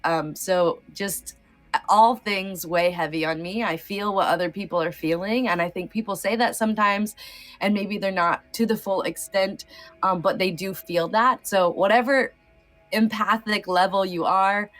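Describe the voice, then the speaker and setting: A woman's voice: medium pitch, unhurried, a bit bright, soft background music. A woman in her thirties, a podcast guest talking in a heartfelt, casual way, sometimes near tears, with many fillers. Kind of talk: emotional casual conversation.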